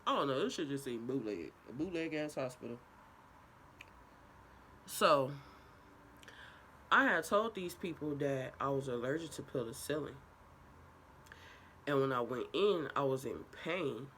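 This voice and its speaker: A young woman vlogger telling a casual, profane story time in an animated way. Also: extremely low pitch, measured pace, pauses often, slight background noise.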